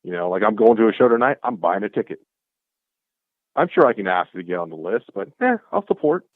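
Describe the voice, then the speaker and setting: The founder of a clothing brand joins as a guest over call audio that sounds tinny, with no room sound. He's excitable and brisk, with a fairly low voice, acting out quoted exchanges during a casual storytelling chat.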